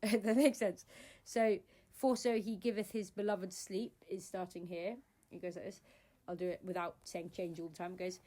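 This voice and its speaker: A woman's voice: medium pitch, fairly even intonation, moderate pace, darkish tone. A woman teaching a singing lesson step by step, explaining patiently with many fillers.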